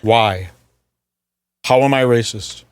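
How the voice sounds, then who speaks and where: A man's voice: mid-range voice, takes it slowly, clear, resonant tone. A man hosting a podcast, riffing in casual, mocking commentary. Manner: sarcastic, mocking, lively delivery. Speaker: podcast host.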